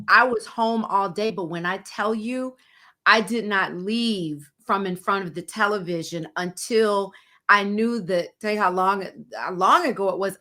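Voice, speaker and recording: A woman co-hosting a podcast speaks in a measured, reassuring way. She reflects on her working life with a bright, clear voice. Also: medium pitch. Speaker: podcast co-host, former news anchor. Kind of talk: casual chat.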